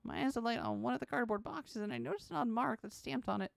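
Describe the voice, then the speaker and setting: A woman streamer reading game text aloud in an expressive, dramatic way, with sudden high exclamations. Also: fast talker, gravelly, dry recording, clean studio sound.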